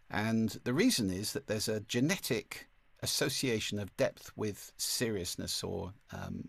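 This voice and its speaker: A man teaching a masterclass on speaking, with a clear, deliberate delivery and occasional vocal demonstrations. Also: lowish voice, no room sound. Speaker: speaking coach. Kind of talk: online masterclass lesson.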